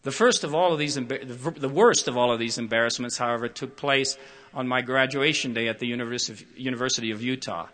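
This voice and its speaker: An older speaker with a mid-range voice delivers a prepared public talk. He keeps it measured and expressive, bringing quoted voices to life as he tells stories.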